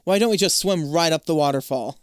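A man voicing a sarcastic young girl on an adventure, with a light put-on British accent and a sharp, exclaiming manner. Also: high-pitched, normal speed, dry recording, studio quality, voice pushed up, natural voice.

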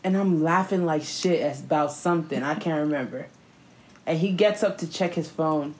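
A woman telling a story in a casual chat, profane and animated, often breaking into laughter. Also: low voice, moderate pace, rough recording.

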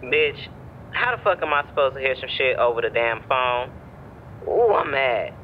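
A man's voice: medium pitch, sing-song, muffled recording, a little hiss or hum, natural voice. An actor playing a blunt, foul-mouthed young man who curses nonstop on a video call. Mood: annoyed. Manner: brash and profane, rapid cursing.

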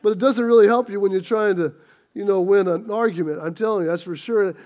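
A middle-aged man with a very high voice preaches a sermon. He talks in a chatty, self-deprecating way and slips into a humorous personal story. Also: fairly quick, lo-fi sound. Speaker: pastor.

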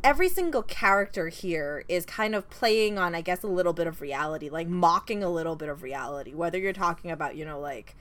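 A woman's voice: fairly low pitch, lively intonation, a little fast, hardly any pauses, a bit bright. A woman co-hosting a film podcast, chatting casually with frequent laughs and restarts. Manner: chatty, laughs often, many fillers and restarts.

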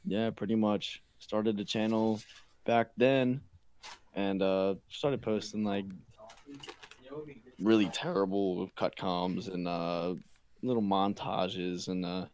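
A young man who is a guest on a podcast, talking in a halting way with many pauses and fillers. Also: low-pitched, fairly even intonation, a little mellow, slight background noise. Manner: halting, full of ums and uhs. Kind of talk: casual podcast chat.

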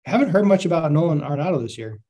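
A man's voice: on the high side, lively intonation, dark tone. A man co-hosting a podcast, chatting easily about baseball, asking questions between fillers. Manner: easygoing, asks questions, drawn-out fillers. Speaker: podcast co-host. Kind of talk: casual chat about baseball.

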